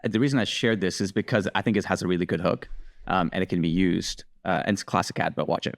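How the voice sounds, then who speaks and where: A man hosting a casual chat, explaining things in a relaxed way. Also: sits low, quick pace, gravelly. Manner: relaxed and explanatory, says "dude". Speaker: host.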